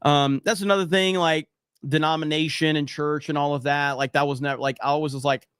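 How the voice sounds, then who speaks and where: A fairly high-voiced man hosts a casual livestream podcast, reading out chat messages and telling stories in a blunt, profane, ranting way. His voice sits dry and close to the mic, with no room sound around it. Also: steady tone, brisk, fairly bright tone, clean tone, dry recording.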